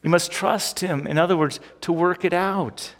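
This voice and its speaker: A man preaching a sermon as pastor, animated and emphatic, with many rhetorical questions. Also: high-pitched, normal speed. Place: church sanctuary. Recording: long hall reverb.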